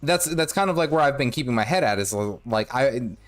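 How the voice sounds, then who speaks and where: Animated streamer man with a sore throat. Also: medium pitch, fairly quick, soft background music. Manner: rambling, self-correcting, hums and sings nonsense to himself. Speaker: gaming streamer. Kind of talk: casual live-stream commentary while playing.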